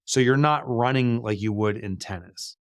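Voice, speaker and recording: Middle-aged man, mid-pitched, loose and talky with lots of "uh"s, recorded close and dry. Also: moderate pace, clear, resonant tone, dry recording. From United States. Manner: chatty, frequent fillers and restarts. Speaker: guest, business author. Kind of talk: conversational interview answers.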